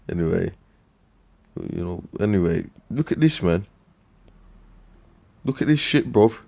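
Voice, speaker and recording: Guy ranting scripture, low voice, swears a lot, trips over his words. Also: expressive, gravelly. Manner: profane, scornful, swings into loud outbursts; slangy, fast restarts and repeated words. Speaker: street preacher.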